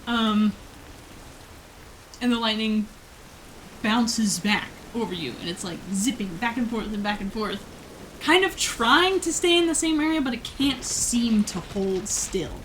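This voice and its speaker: A woman runs a tabletop game as game master, narrating scenes in a relaxed, laid-back way. She talks slowly and fills her pauses with "um" and "like". A faint hiss sits behind her voice. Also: a little high, rough recording. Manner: relaxed, laughing, many fillers.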